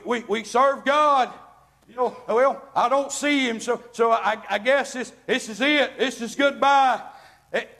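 A man preaching voices a frightened young Hebrew man facing the furnace, speaking slowly and haltingly. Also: very high-pitched, bright, forceful tone, full character voice. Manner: slow, halting, wondering.

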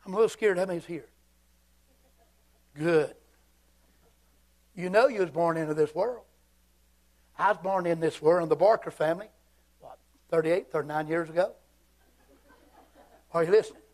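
A Southern man in his fifties preaching a fiery, folksy church sermon, swinging between shouts and hushed asides. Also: a little high, moderate pace, pauses often. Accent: Southern American. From Southern United States. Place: church sanctuary.

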